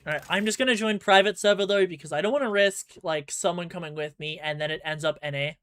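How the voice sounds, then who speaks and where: Aussie guy streaming live gameplay, pretty high voice, rambly, talks to chat, panics when stuff goes wrong. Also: fast talker, a bit bright, clean tone. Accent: Australian. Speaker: gaming streamer.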